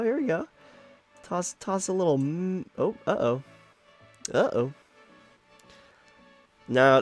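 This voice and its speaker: A young man giving casual live commentary while he plays a card game, talking to himself, swearing and laughing at his luck. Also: on the high side. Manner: animated self-talk, swears, laughs at his own luck. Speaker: card game content creator.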